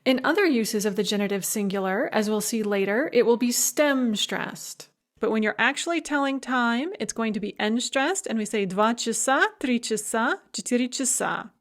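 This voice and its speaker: Woman teaching with slow, careful examples. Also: on the high side, lively intonation. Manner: clear, methodical explaining with slow modeled Russian phrases. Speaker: Russian language instructor. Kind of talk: recorded lecture.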